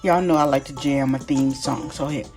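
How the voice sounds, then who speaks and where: A woman's voice: very deep voice, moderate pace, a little mellow, soft background music. A woman from Texas with a Southern accent hosting a podcast, talking in an enthusiastic, folksy way as a life coach. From Texas, USA. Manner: enthusiastic, folksy, repeats greetings. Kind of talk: upbeat podcast monologue.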